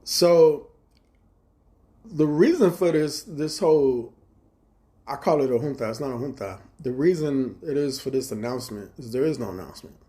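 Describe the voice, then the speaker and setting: A man in his forties on a live stream, telling rambling, profane stories with reenacted quarrels and sometimes trailing off into low mutters. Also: lively intonation, normal speed, dark tone. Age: 40s. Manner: profane, agitated storytelling with reenacted dialogue. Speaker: livestreamer.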